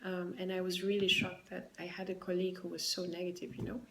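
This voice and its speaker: A woman's voice: on the low side, monotone, fast, roomy sound, slight background noise, low-quality recording. Woman telling a workplace story. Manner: retells a workplace story, acting out both sides with quoted dialogue. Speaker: vlogger. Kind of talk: casual storytelling to camera.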